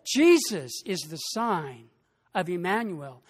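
A pastor preaching a sermon with a slow, deliberate delivery, rising in emphasis on key phrases. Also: medium pitch, very animated, breathy edge, big-room sound.

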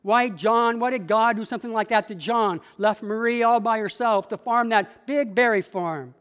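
A man's voice: sits high, animated, normal speed, a bit bright, big-room sound. A pastor voicing a drunk, argumentative older farmhand who insists he does not believe. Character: drunk middle-aged male farmhand, gruff atheist.

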